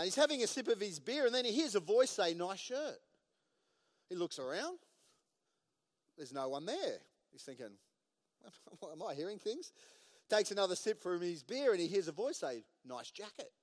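Joking pastor, high and lively. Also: male voice. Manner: jokey, chuckles at his own jokes, filler-heavy. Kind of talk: sermon. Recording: long church hall reverb.

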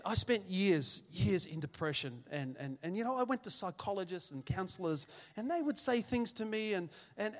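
Speaking into a handheld microphone in a church hall with long reverb, a middle-aged Australian man delivers a sermon as pastor. He is emphatic, repeats his phrases, and pokes fun at himself, in a high, fairly bright voice.

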